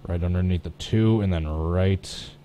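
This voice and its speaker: A man livestreams while painting a race truck on his computer, casually chatting and poking fun at himself as he thinks aloud through each step. His voice is deep, warm and a little slow, with a faint hiss or hum in the audio.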